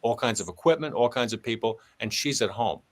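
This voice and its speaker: This ex-police sergeant talks fairly quickly at medium pitch while recounting a long tale in conversation. He acts out the people's dialogue animatedly, his voice shifting from one to the next.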